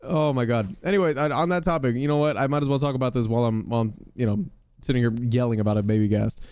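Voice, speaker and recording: A young man hosting a podcast, giving loud, excitable gaming commentary with casual swearing. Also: medium pitch, fast talker, smooth, no room sound. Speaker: podcast host.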